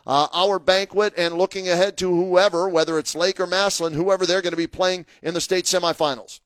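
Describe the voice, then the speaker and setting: A man co-hosting a local sports radio show, his voice pitched high and recorded dry and close. He talks in an upbeat, rambling way, full of promotions and fillers. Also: clean tone, no room sound. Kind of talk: casual radio talk.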